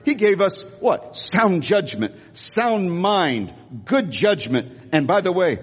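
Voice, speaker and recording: An older American man, a pastor, preaching an animated sermon and calling on the congregation to repeat after him. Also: high-pitched, takes it slowly, few pauses, breathy edge, big-room sound. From United States. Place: church sanctuary.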